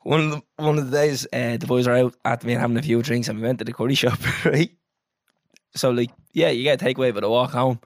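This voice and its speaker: A man's voice: mid-range voice, quick pace, no echo, clean studio sound. A young man, co-hosting a casual chat and telling funny stories with frequent laughter. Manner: animated storyteller, laughs often. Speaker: podcast co-host.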